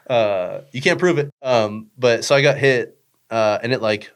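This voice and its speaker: A young man chatting casually as a podcast guest, rambling with lots of fillers, swearing and joking. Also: medium pitch. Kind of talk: casual chat.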